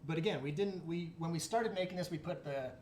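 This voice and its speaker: A man's voice: a little high, quick pace. Man talking shop in an echoey room. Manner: relaxed, joking, with fillers and restarts. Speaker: chocolate maker. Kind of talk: casual interview. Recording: echoey room with faint noise.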